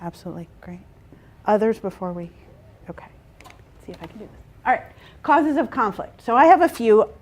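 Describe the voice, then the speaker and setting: A woman's voice: mid-range voice, big pitch swings, fairly quick, pauses often. A woman facilitating a workshop, explaining to a group and checking in with "right?" and "okay?". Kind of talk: interactive workshop talk.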